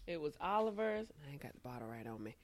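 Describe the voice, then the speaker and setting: Low-voiced cussing woman podcaster. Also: very animated, quick pace, noisy background. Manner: salty, laughing, profane storyteller. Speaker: podcast co-host. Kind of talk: casual chat.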